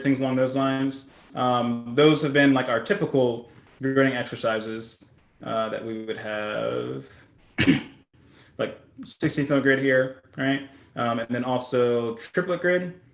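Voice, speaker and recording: A man teaching drumming in a casual, relaxed way, often asking "right?" as he explains patterns. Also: medium pitch, echoey room. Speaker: drum instructor. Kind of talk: casual instructional talk.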